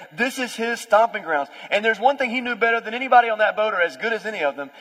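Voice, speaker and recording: A young adult man, a pastor, preaching a conversational sermon with lively storytelling. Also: high-pitched, breathy edge. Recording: long hall reverb.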